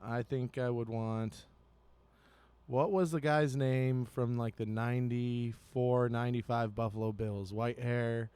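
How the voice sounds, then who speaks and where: A man hosting a podcast, chatting casually and joking with his guest, dropping in quick interjections. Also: mid-range voice, steady tone, darkish tone, clean tone, dry recording. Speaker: podcast host, comedian.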